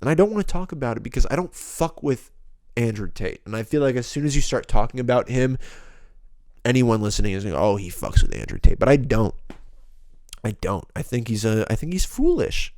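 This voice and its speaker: A man's voice: medium pitch, a little fast, a little mellow, no echo, studio quality. A young man hosting a solo podcast, ranting bluntly and profanely in a rambling, casual way. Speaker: podcast host.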